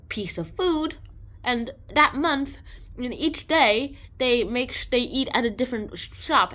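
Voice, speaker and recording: A woman giving a casual, rambling book summary, animated and full of restarts. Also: on the high side. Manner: animated, rambling, with many restarts and playful voices. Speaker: book reviewer.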